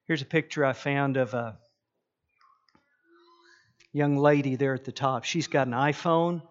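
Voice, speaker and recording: A man's voice: a little high, lo-fi sound. A middle-aged man, preaching a sermon and telling stories with acted-out voices. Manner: animated storytelling, acting out voices. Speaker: pastor.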